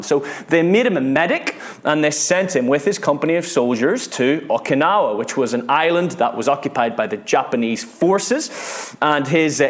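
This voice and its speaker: Earnest British man preaching a sermon. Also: on the high side. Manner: earnest, repeats words, drops to hushed tones at dramatic moments. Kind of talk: sermon storytelling.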